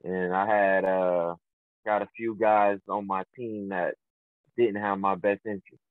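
Calling in to a casual interview, this young man, a professional boxer, speaks in a low, level voice at a measured pace. He rambles, restarting often and leaning on fillers, over a tinny, dry phone line.

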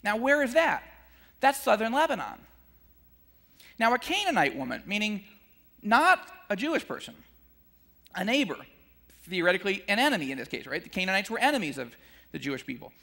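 A man's voice: brisk, gravelly, long pauses, in a large hall. A man giving a conversational sermon on scripture, acting out the disciples' complaints and chuckling between points. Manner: animated, acts out disciples' complaints with a jump in pitch. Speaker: Christian speaker teaching scripture.

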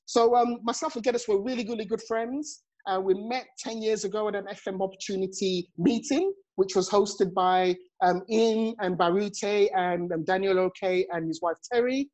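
A man's voice: high voice, steady tone, moderate pace, few pauses, darkish tone, rough recording. A man in his forties hosting a motivational live chat over a phone, effusive and chuckling often. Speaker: host and network marketing coach.

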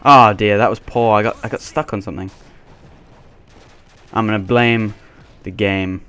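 A man's voice: lowish voice, fairly even intonation, moderate pace, fairly bright tone, smooth. A man giving playful, jokey live commentary over a shooter game as he plays, laughing often. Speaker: gaming commentator.

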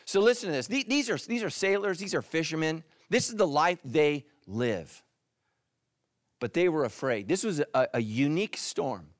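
A middle-aged male pastor preaching a sermon, animated, swinging from loud emphatic peaks to hushed, quiet lines. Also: fairly high pitch, moderate pace, dry recording, clean studio sound. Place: church stage.

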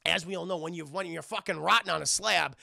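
A young man streaming, recapping a cartoon episode to his live chat in a rambling, profane, animated way. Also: on the high side, quick pace, gravelly, dry recording, studio quality.

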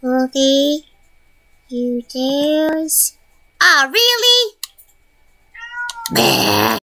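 A woman's voice: high-pitched, sing-song, drawn-out words, pushed and bright. A young woman streaming a casual chat, talking baby talk to her pets and cursing offhandedly.

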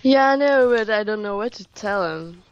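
A woman's voice: medium pitch, animated, normal speed, a little hiss or hum. A woman chatting casually with friends while gaming, hesitant and giggly, often repeating her words. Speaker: gamer on voice chat. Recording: muffled lo-fi voice chat.

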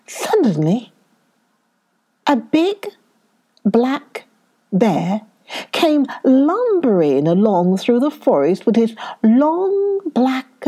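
A woman reads a children's story aloud, stretching her words very slowly. Her voice is mellow and warm, and it swings widely up and down to make the tale lively. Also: medium pitch. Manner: expressive and drawn out.

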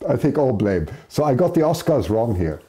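A man's voice: mid-range voice, big pitch swings, normal speed, warm tone. A man hosting a live stream, chatting casually as he announces poll results. He pokes fun at himself and laughs often. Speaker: live show host.

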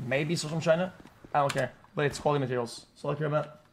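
Profane, ranting streamer man, slightly high. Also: fairly even intonation, fast talker, gravelly, slight background noise. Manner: profane, blunt, mocking, restarts a lot. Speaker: live streamer. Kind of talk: casual rant to chat.

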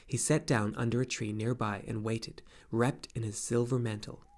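A man reading a fantasy novel aloud as an audiobook narrator, in an even, measured way. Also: medium pitch. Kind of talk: scripted narration.

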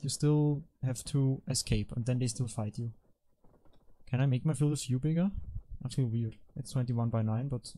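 Mellow-voiced man ranting through gameplay. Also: mid-range voice, a little hiss or hum. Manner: rambling, self-mocking, frequent exasperated outbursts at teammates. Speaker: gaming channel host. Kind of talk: casual gameplay commentary.

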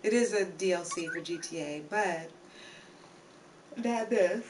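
A woman live streamer with a fairly low, measured voice chats casually with her viewers, laughing, teasing, and repeating herself often. The mic is distant, and background noise is clearly audible.

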